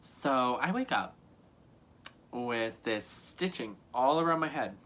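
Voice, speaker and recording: A young man telling a story in a vlog, animated, often acting out other people's lines and filling his talk with "like". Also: medium pitch, slow, slight background noise. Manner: frequent "like" fillers, laughs between lines. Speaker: vlogger.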